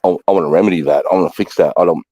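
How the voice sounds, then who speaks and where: An Australian man with a very low voice rambles through a loose livestream chat, swearing freely. The sound is dry and close, with no room echo. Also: fairly even intonation, rapid-fire, warm tone. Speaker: livestream host. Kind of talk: casual chat.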